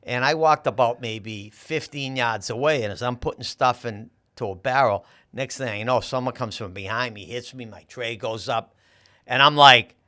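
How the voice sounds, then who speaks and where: A man's voice: medium pitch, normal speed, pushed and bright. A man, a podcast guest telling boastful stories with emphatic restarts. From Massachusetts. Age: 60s. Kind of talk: casual storytelling chat.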